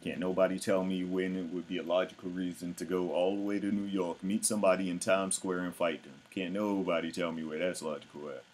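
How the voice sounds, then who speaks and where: Deep-voiced man ranting bluntly. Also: little pitch movement, a little fast, few pauses, darkish tone, slight background noise. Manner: blunt, profane, exasperated. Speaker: show host. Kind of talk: casual commentary to viewers.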